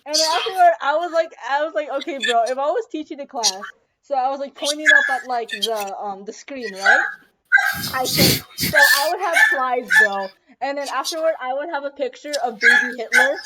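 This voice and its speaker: High-voiced young woman rambling casually. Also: normal speed, heavy background noise. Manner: rambling storytelling with many fillers, laughs often. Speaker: podcast host. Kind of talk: casual chat.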